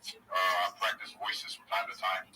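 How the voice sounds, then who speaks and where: A man's voice: deep voice, monotone, unhurried, music in the background. A man being interviewed as a guest, talking casually and swearing, recorded on a distant mic with background noise. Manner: casual, laid-back, profane.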